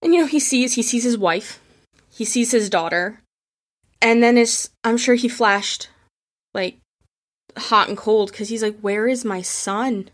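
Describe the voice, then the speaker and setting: A woman's voice: a little high, unhurried, pauses often. A woman telling history stories casually, with emotion, acting out the voices of the people she quotes. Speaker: history storyteller. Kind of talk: casual spoken history storytelling.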